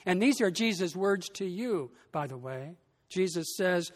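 Slow, deliberate preacher in a reverberant church. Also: mid-range voice, expressive. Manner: slow, deliberate delivery with emphatic rises on key phrases. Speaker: pastor. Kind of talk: sermon.

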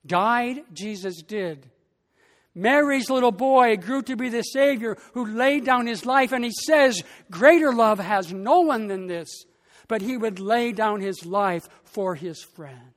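A pastor preaching a sermon with a slow, deliberate delivery, rising in emphasis on key phrases. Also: medium pitch, in a large hall.

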